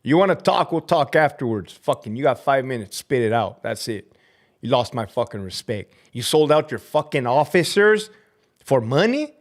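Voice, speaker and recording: A man ranting on his live stream, cursing hard and swinging between loud outbursts and low muttering. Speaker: livestreamer and prison officer. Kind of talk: profane live-stream rant.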